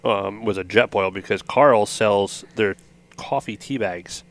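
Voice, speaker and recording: Male podcast co-host, laid-back and casual, low pitch. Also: unhurried, no room sound. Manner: laid-back, uses fillers like "like" and "um". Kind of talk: casual chat.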